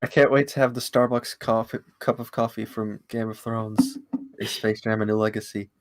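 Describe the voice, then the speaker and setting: A man's voice: on the low side, fairly even intonation. A man co-hosting a podcast, riffing jokes in casual chat and laughing often. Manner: giggly, quick riffing jokes. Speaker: podcast co-host.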